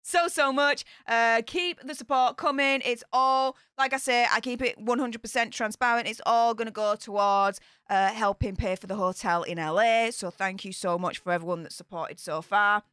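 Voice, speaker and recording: A British woman giving scornful live-stream commentary in an excitable voice that swings between shrieks and mutters. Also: on the high side, normal speed, clear, resonant tone, no room sound, clean studio sound. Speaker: royal news commentator.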